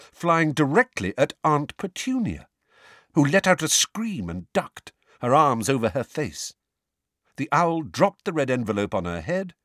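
A man narrating an audiobook in a dramatic, expressive reading. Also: mid-range voice, no room sound, studio quality.

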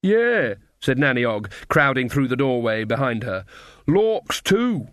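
A man's voice: medium pitch, sing-song, a little slow, a bit bright, no room sound, studio quality. A man voicing a chatty, folksy old witch woman with coarse, earthy speech. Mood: cheerful. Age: over 60.

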